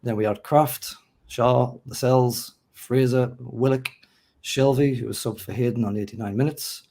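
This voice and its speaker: A man with a mixed North East English accent hosting a casual football podcast, his throat hoarse and rough, chatting in a self-mocking way. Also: mid-range voice, fairly even intonation, moderate pace, warm tone. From North East England. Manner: chatty, self-mocking, lists names steadily. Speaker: podcast host.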